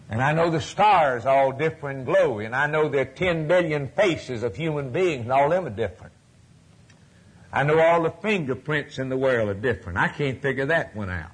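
A man preaching a sermon in a folksy, repetitive way, swinging from loud declarations to hushed near-whispers. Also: medium pitch, breathy edge.

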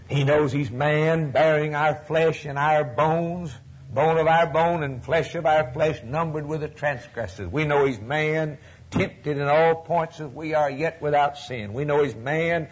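A man preaching a sermon in a folksy, repetitive way, swinging from loud declarations to hushed near-whispers. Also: a little high, slightly rough.

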